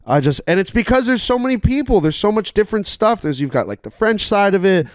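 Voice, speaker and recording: A man's voice: high-pitched, big pitch swings, brisk, dry recording. Rambling young man, dry close sound. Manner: rambling, lots of fillers and swearing. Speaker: musician guest. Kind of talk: casual podcast chat.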